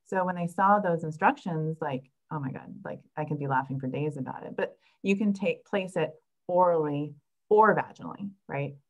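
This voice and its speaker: A woman reproductive endocrinologist talking casually as a podcast guest, telling patient stories in a chatty, animated way. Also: low voice, normal speed, poor audio. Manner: chatty, animated storytelling with laughs.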